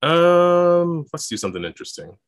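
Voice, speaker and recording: A man's voice: fairly high pitch, very animated, normal speed, smooth, dry recording. A man working as game master, narrating the action and walking through the rules while thinking aloud, with frequent chuckles. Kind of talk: narrating and adjudicating a tabletop game.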